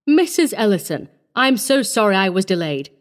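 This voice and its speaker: Woman reading as a brisk, fussy orphanage matron. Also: medium pitch, big pitch swings, lightly acted. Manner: brisk and commanding, slightly fussy. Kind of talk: audiobook character voice.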